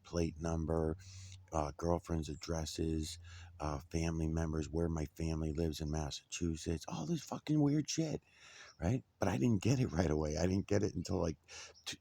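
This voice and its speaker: A middle-aged man casually telling a personal story, swearing a lot and getting animated. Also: low-pitched, normal speed, gravelly. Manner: profane, animated, indignant.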